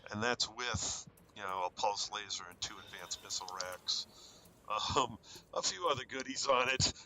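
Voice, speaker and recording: An American man talks casually through his gameplay, thinking aloud and filling gaps with ums and yeahs. His voice is bright and forceful, a little low-pitched, picked up on a headset mic with faint noise and clicking behind him. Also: moderate pace. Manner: thinks aloud with many fillers. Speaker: game streamer.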